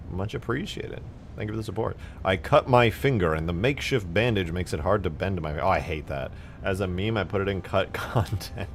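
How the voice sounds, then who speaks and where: Young man, deep voice, gravelly fry, casual joking chat, reads chat aloud, at home. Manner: animated, joking, casual swearing. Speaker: game modder and streamer. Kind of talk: casual chat while working, reading chat messages aloud.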